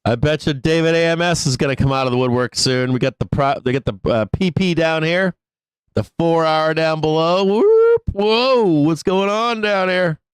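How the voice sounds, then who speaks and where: A man's voice: fairly high pitch, fairly quick, smooth, no room sound. Profane, laughing male stock stream host. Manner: profane, laughs often, rants. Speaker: stock market livestream host. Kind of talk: casual profane livestream chat.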